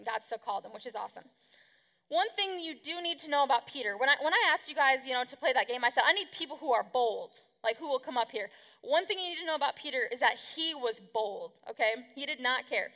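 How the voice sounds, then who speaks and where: Woman youth pastor, high gravelly voice, casual sermon, reverberant hall. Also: bright, forceful tone. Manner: chatty, slangy, acts out quotes.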